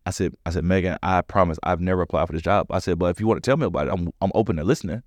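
A deep-voiced man, guesting as a comedian in a casual interview, races through his stories with few pauses, animatedly performing other people's lines. The recording is dry and of studio quality.

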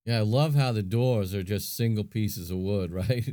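A man's voice: on the low side, moderate pace, dark tone, no echo, studio quality. A man co-hosting a podcast, chatting casually and thinking aloud with plenty of fillers. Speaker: podcast co-host. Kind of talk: casual chat.

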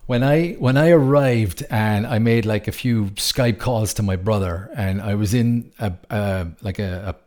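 A man's voice: fairly low pitch, unhurried, few pauses, a little mellow. An Irish man hosting a casual interview, enthusiastic, with many stumbling restarts. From Ireland. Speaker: podcast host. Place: lives in Switzerland.

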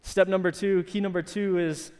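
A man delivers a sermon from the pulpit, telling a story with animated energy. His voice sits a little high. Long reverb from the church sanctuary trails behind each phrase. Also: normal speed, clean tone. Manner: animated storytelling, shouting in acted quotes. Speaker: pastor.

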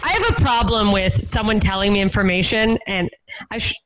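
A woman hosting a podcast in casual chat, chatty and quick to laugh, swearing now and then. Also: medium pitch, animated, a bit bright, slight background noise, poor audio. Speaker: podcast host.

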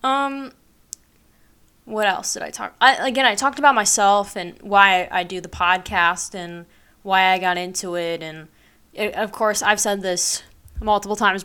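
Young woman podcasting solo, chatty and rambly, smooth clear voice. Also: mid-range voice, steady tone, normal speed, bright, forceful tone. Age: young adult. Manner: rambling, upbeat, lots of fillers and laughs. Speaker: podcast host. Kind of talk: casual solo podcast chat.

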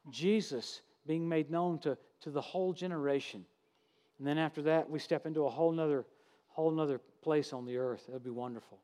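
A man, preaching a sermon in a church, telling stories in a folksy, humorous, animated way. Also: a little high. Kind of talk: sermon with storytelling.

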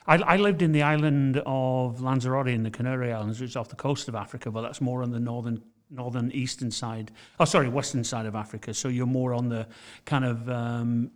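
A man's voice: medium pitch, fairly even intonation, brisk, few pauses. A man from the United Kingdom, chatting casually as a podcast co-host and telling long, rambling stories full of restarts. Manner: rambling storyteller, many restarts and fillers. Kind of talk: casual chat.

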